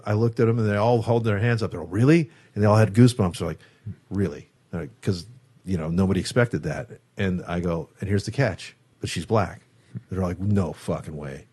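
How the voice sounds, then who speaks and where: A guest guitarist from the San Francisco Bay Area, with a fairly low male voice, tells a long story in a studio interview. He's casual and animated, swearing often and acting out what people said.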